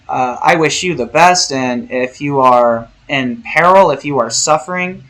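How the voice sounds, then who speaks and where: A man's voice: medium pitch, fairly bright tone, low-quality recording. Rambling, theatrical male vlogger. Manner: rambling, profane, theatrical, jokey. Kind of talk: casual spiritual monologue.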